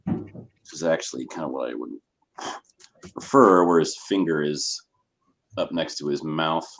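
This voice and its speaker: A man's voice: a bass voice, a little slow, a little hiss or hum. A man chatting casually as a co-host while drawing, easygoing and laid-back. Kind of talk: casual chat.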